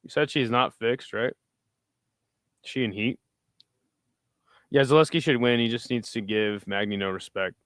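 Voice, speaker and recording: Man, livestream host, casual fight-pick chat, rambling, swears a lot, smooth clean voice, dry close sound. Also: medium pitch, unhurried, long pauses, fairly bright tone, no echo. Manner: loose, profane, rambling. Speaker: host reading live chat.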